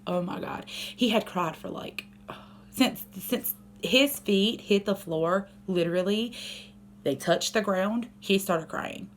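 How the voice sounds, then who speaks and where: A woman's voice: medium pitch, slow pace, a little hiss or hum. A young woman, a mother, talking casually to her camera at home, candid and rambling with many fillers.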